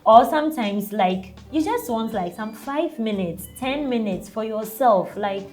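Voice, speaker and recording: A woman's voice: on the high side, animated, measured pace, darkish tone, faint music behind. A young woman with a Ghanaian English accent, a mother talking casually in an interview, with lots of "like" and light laughs. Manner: chatty, peppered with "like" and laughs. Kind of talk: casual chat.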